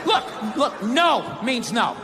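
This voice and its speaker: A male stand-up comedian shouting profane punchlines on a live stage. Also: extremely high pitch, big pitch swings, slow pace, in a large hall. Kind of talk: stand-up set. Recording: live stage with loud crowd and noise.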